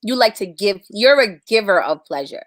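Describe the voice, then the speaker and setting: A young woman co-hosting a casual live talk show, laughing as she reads a list aloud. Her voice sits at an ordinary middle pitch. The sound is dry and close. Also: lively intonation, normal speed, no echo. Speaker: podcast co-host. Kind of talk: casual chat, reading out quiz.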